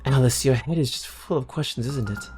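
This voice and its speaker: A man's voice: mid-range voice, a little fast, over music, natural voice. A man voicing Alice, a young woman, with a put-on British accent, talking to herself as he reads game text in character. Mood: puzzled. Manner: mock-British, talks to herself.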